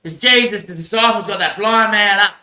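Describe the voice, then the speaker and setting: A man's voice: high-pitched, brisk, pushed and bright, reverberant, rough recording. A young man, rambling crudely in a religious monologue and laughing often. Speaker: vlogger.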